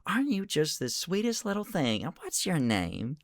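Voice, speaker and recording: A man putting on a soft, gushing nature-loving woman. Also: a little high, wildly swooping pitch, normal speed, dry recording, studio quality, voice pushed up. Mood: doting. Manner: soft, gushing and a little rambling. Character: gentle, sweet young woman who loves nature.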